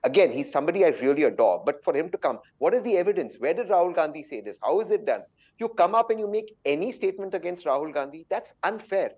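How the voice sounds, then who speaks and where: A man's voice: on the high side, lively intonation, fast, a little mellow, dull audio. A man with an Indian accent arguing indignantly as a panelist in a televised political debate.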